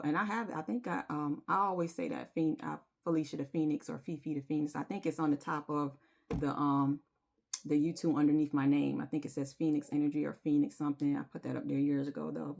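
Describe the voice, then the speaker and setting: Speaking in a low, creaky voice, a woman who makes spiritual vlogs opens up to her audience about something personal. Her tone is intimate and emotional, and now and then she breaks into pieces of a chorus.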